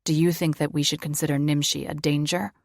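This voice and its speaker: A woman's voice: low voice, little pitch movement, brisk, creaky, dry recording. A woman voicing a sarcastic, mocking young man. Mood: sardonic. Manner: dry, mocking banter.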